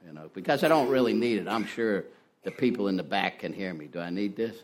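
An older man speaking at a recovery meeting through an ear-worn headset mic. His voice sits low but swings widely in pitch. He talks in a folksy, self-deprecating way and keeps dropping in "you know". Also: lively intonation, quick pace, a little hiss or hum. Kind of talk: personal testimony talk.

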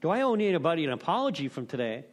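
A man's voice: a little high, very animated, rapid-fire. A middle-aged man giving a candid, rambling talk on recovery steps, full of self-deprecation and "you know.". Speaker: recovery meeting speaker.

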